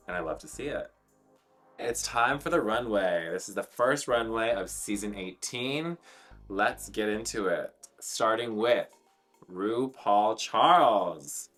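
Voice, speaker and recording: A man's voice: fairly low pitch, fairly bright tone. A drag queen, a man, giving blunt, sassy and profane commentary on runway looks in a chatty, filler-heavy way.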